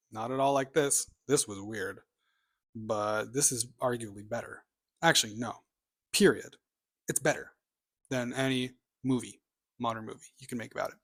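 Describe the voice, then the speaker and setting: Running through his bookshelf in a casual booktube video, a man rambles and offers strong opinions, tossing in offhand asides. He sometimes drops to a mutter for side remarks. His voice is mid-range and fairly bright.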